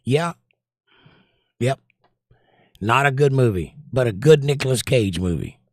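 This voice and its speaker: A man's voice: mid-range voice, animated, a little slow, a little mellow, dry recording. Chatty Southern American man, dry sound. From Southern United States. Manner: opinionated, chatty, recommends movies with strong takes. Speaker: livestream host. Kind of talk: casual chat reading out viewer comments.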